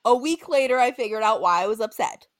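A young woman in casual conversation, her voice sitting high. She tells stories with lots of animation and throws herself into the quotes, playing every character with exaggerated voices. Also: expressive, fast. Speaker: podcast co-host. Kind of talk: casual chat.

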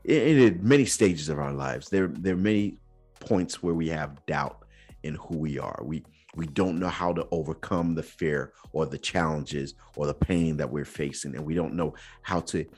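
Podcast host, male, low husky voice, earnest storyteller with casual slang. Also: moderate pace, darkish tone, faint music behind. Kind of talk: personal storytelling.

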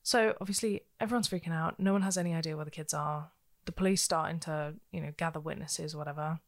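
A woman's voice: sits low, fairly even intonation, quick pace. A woman co-hosting a podcast, telling a true-crime case in a casual, chatty way with frequent ums and likes. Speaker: podcast co-host.

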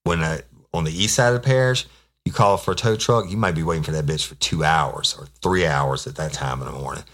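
A man's voice: a bass voice, a little fast, a bit bright. A middle-aged man, casually telling a rambling, profane police story as podcast host.

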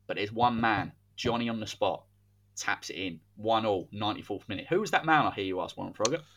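A man's voice: on the low side, brisk, a bit bright. A man, hosting a podcast and telling a football story in a casual, dramatic way. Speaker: podcast host.

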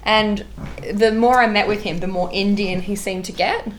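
A woman's voice: mid-range voice, steady tone, normal speed, slight background noise, low-quality recording. A woman from Australia, a guest on a casual podcast chat, telling a work story. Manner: chatty storyteller.

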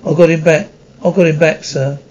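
A man voicing a big, soft-hearted male giant groundskeeper in an audiobook reading, gruff and tearful. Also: fairly high pitch, fairly even intonation, normal speed, close to an everyday voice. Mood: upset. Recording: dull lo-fi recording.

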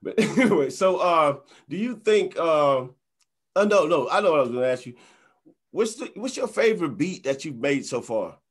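A young man with a fairly high voice hosts a loose podcast chat. He talks in slang, swears freely and laughs easily. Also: lively intonation, normal speed, slightly rough. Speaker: podcast host.

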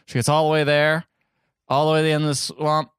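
A man's voice: fairly high pitch, level tone, quick pace, a bit bright, smooth, no room sound, clean studio sound. A man co-hosting a podcast, wryly retelling scenes of an old movie in casual chat. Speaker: podcast co-host.

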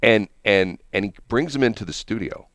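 Deep-voiced older male radio host. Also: normal speed, fairly bright tone, no room sound, clean studio sound. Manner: rambling, chuckling, anecdotal. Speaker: radio morning show host. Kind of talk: casual on-air chat. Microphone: studio broadcast mic.

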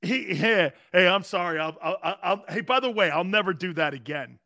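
A man's voice: high-pitched, moderate pace, sharp tone, no room sound, studio quality. A man hosting an opinionated sports talk radio show, brash, rambling and joking.

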